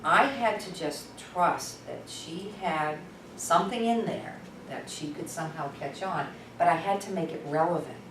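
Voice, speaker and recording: A woman presenting at a workshop, telling a story in an animated, conversational, candid way. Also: fairly low pitch, normal speed. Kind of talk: storytelling teaching talk. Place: workshop room. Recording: echoey room from far off, noisy.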